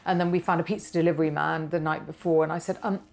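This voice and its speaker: A woman's voice: deep voice, quick pace, gravelly. A middle-aged woman, a company founder, telling her story in an interview and acting out the voices of the people in it. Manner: animated, acts out quoted dialogue.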